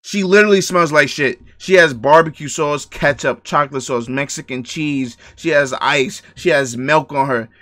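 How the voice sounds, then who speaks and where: A man's voice: fairly high pitch, normal speed, few pauses, a bit bright. A man live-streaming his reactions to a video, joking, swearing freely and laughing often.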